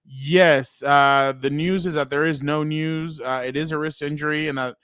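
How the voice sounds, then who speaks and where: A man co-hosts a sports podcast, chatting casually and rambling with lots of fillers and restarts. His voice is fairly high and fairly bright with fairly even intonation and a moderate pace. The tone is clean, with clean studio sound and no room sound.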